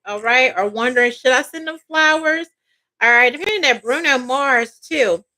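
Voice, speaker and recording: A woman's voice: high voice, normal speed, pushed and bright, rough recording. A woman giving a casual tarot reading as a psychic, chatty and peppered with "all right" and "okay".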